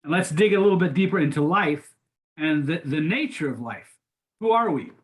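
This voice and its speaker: A man's voice: fairly high pitch, animated, normal speed. An older man teaching a class, lecturing in an informal way with frequent restarts and repeated words. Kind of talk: conversational lecture.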